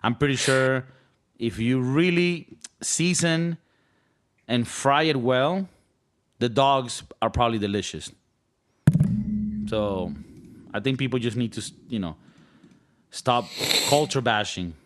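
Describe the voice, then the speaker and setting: A man's voice: mid-range voice, slow, long pauses. A young man with a Venezuelan Spanish accent, co-hosting a podcast in casual, joking, rambling chat. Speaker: podcast co-host.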